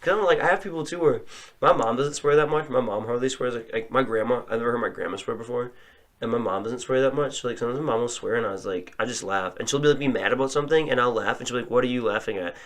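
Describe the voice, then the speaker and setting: A man's voice: medium pitch, fast, fairly bright tone. A young man in casual podcast chat, telling stories with a laugh and acting out what people said. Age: young adult. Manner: laughing storyteller, acts out quotes. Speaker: podcast guest.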